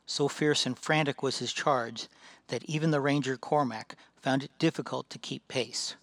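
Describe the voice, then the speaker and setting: A man reading a fantasy tale aloud as narrator, measured and dramatic. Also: medium pitch, fairly even intonation, fairly bright tone, no room sound.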